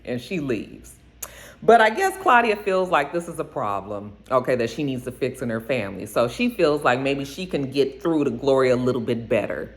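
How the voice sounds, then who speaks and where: A woman giving a casual, chatty recap of a TV episode and often slipping into quick character voices. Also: a bass voice, animated. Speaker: TV episode reviewer.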